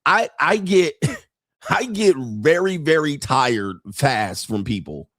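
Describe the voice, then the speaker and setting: A man's voice: fairly high pitch, very animated, slow pace, a bit bright, dry recording, clean studio sound. A middle-aged man hosting a commentary show, reacting bluntly and crudely to viral clips with frequent laughter. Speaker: host.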